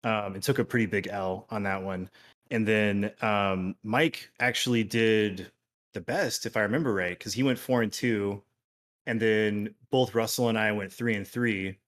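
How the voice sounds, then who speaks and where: A man guesting on a casual gaming podcast, talking in a relaxed, rambling way with lots of fillers. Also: lowish voice, unhurried. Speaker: podcast guest and competitive tabletop player.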